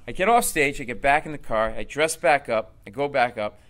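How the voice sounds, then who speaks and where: A man, a comedian, telling a comic story in an interview in an animated way. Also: medium pitch, brisk. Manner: animated, acts out voices. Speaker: comedian guest.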